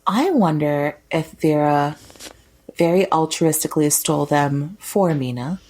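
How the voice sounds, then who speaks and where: A guest on a podcast, reacting to a story in casual chat with wry, expressive remarks. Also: mid-range voice, measured pace.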